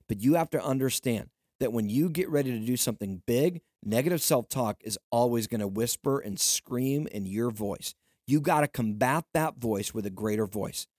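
A man's voice: medium pitch, a little mellow, no room sound, studio quality. Earnest man giving a motivational talk. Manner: earnest, emphatic, repetitive exhortation. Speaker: podcast host.

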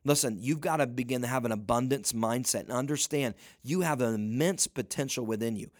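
A man's voice: medium pitch, a little fast, no room sound, studio quality. A man giving a motivational talk as a leadership coach, emphatic, often saying "listen" and pushing his voice up at the peaks. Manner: emphatic, repeats "listen", rising to near-shouting peaks.

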